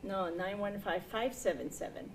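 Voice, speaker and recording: A woman appearing as a guest eye doctor on a talk show, speaking matter-of-factly and quickly correcting details. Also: medium pitch, poor audio. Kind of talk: casual studio chat.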